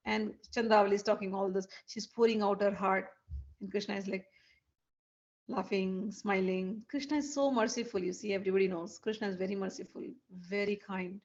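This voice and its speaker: A woman telling a devotional story, lively, acting out each character's lines. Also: on the high side, normal speed, highs cut off. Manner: animated, acts out the characters' lines.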